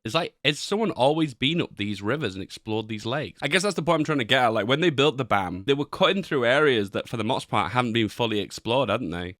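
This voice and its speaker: A man's voice: medium pitch, fairly bright tone, dry recording, clean studio sound. A man who reacts to a travel video and thinks aloud, asking himself questions as he goes. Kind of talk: casual commentary over a video.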